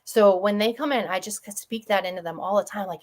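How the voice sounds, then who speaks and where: A woman from Connecticut, a chiropractor talking as a guest on a broadcast, tells patient stories in a quick, chatty, effusive way. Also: medium pitch, a little mellow. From Connecticut, USA. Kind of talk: casual storytelling on a broadcast.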